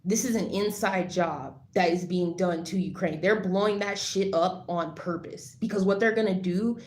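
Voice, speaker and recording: A woman talking casually to the camera, rambling with lots of fillers and restarts, turning loud and heated as she rants. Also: lowish voice, moderate pace. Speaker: vlogger. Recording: echoey room, faint background noise.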